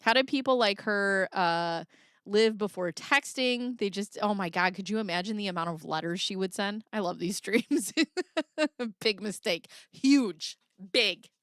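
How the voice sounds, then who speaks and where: A woman's voice: medium pitch, normal speed, a bit bright, clean tone, no echo, clean studio sound. A woman hosting a livestream in casual commentary, laughing often and reading viewer chat aloud. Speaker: livestream host.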